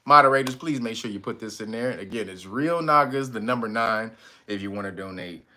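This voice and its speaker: Talking a little fast, a middle-aged man hosts a relaxed livestream where he's loud and joking. He laughs often and pops into high-pitched, playful voices.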